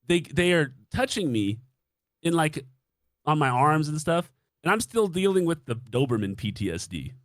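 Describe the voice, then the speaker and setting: A man's voice: on the high side, very animated, moderate pace, no echo, studio quality. A young man casually telling a dating story on a stream, swearing freely and acting out his own reactions.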